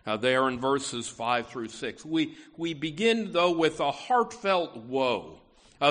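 A man preaching a sermon, halting often with fillers and restarts as he works through a psalm. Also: a little high, a bit bright. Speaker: pastor.

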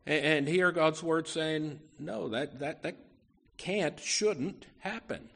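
A man preaching a sermon from the pulpit, earnest and deliberate, often saying "you know" and restarting phrases. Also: on the high side, gravelly, fairly bright tone. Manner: slow, deliberate delivery with emphatic rises. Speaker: pastor.

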